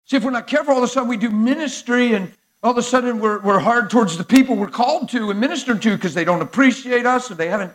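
A man preaching a sermon to a live congregation in an animated, conversational way, acting out dialogue as he goes. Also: very high-pitched, quick pace, hardly any pauses. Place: church sanctuary before a live crowd.

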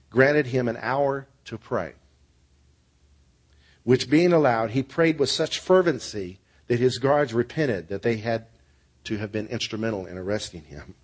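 A male pastor delivers a sermon, earnest and steady as he tells stories to his congregation. His voice sits at an ordinary middle pitch, and he moves from storytelling into prayer. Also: slightly rough.

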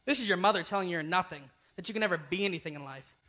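A man's voice: sits high, racing, bright, forceful tone, poor audio. A young man giving a casual youth sermon, informal and often asking "right?". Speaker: youth speaker.

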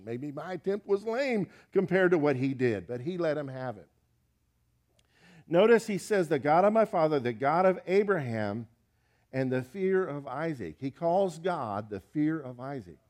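A man's voice: a little high, a little mellow. A man preaching a sermon, folksy and emphatic, urging listeners with direct questions.

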